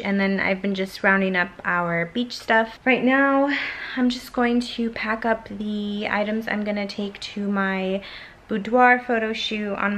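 A woman's voice: mid-range voice, a bit bright, slight background noise. A young woman in her twenties chatting casually to the camera at home, rambling with lots of fillers. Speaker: vlogger. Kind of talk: casual vlog chat. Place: home, bedroom.

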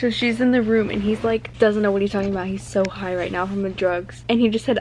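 A young woman talking casually in a reading vlog, retelling the story in an excitable, gushing way with lots of "like" and "oh my gosh". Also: medium pitch, fast talker, few pauses, slight background noise, poor audio. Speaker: book vlogger.

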